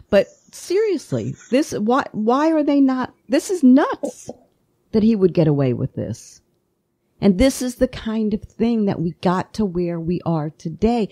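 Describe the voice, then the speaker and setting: A woman hosts a political talk show with a low, mellow voice. She argues with passion and trips over restarts, and her voice leaps upward when she gets heated. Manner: impassioned, voice climbs when emotional; rapid, repetitive restarts. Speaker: podcast host.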